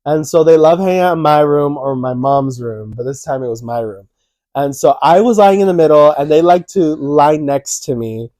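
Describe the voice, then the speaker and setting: A young man with a fairly high, mellow voice tells stories in a casual chat, jumping into acted-out quotes with a lifted voice. The sound is close and dry, with no room around it. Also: moderate pace, dry recording. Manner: animated, acts out quotes in a raised voice. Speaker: co-host.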